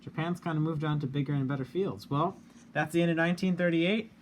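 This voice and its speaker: A man's voice: fairly high pitch, fairly even intonation, quick pace. A man hosting an online strategy game, asking each player for updates, hesitant and full of fillers. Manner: hesitant, many fillers, laughs often. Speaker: game host. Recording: light background noise.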